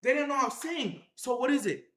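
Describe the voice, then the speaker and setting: A speaker telling a wild story to viewers in casual slang, acting out fights with shouted sound effects and repeated phrases. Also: high-pitched, a little fast, echoey room. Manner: excited, acts out the action with sound effects and shouts. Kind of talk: animated tall-tale storytelling to viewers.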